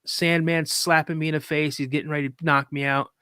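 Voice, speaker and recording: Animated storytelling man. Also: on the high side, brisk, clear, resonant tone, dry recording, studio quality. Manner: animated, vivid retelling with acted quotes; rambling with restarts. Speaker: podcast guest. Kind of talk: casual storytelling.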